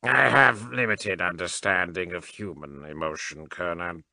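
Cold mechanized male cyborg priest, voiced by a male narrator; very deep, sharp edge, calculating. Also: gravelly, no echo, exaggerated voice. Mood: cold, detached. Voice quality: flat mechanical delivery. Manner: measured, clipped, unhurried formal speech. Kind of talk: audiobook character reading.

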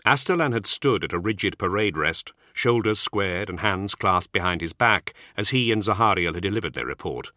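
A man narrating an audiobook in a steady, expressive scripted reading. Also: low-pitched, a little fast, hardly any pauses, no echo, clean studio sound.

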